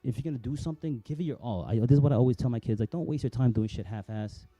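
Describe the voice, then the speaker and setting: A man's voice: mid-range voice, racing, dark tone, no echo, faint music behind. A middle-aged man from New Jersey hosting a vlog, chatty and self-mocking, rambling with many restarts. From New Jersey, USA. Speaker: vlog host. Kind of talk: casual rambling vlog talk.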